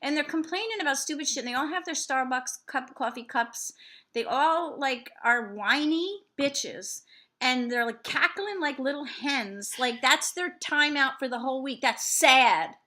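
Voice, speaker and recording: A woman's voice: high-pitched, unhurried. A woman co-hosting a casual podcast, ranting with lots of cursing and acting out other people's voices. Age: adult with a child. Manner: profane, animated, acts out voices. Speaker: podcast co-host.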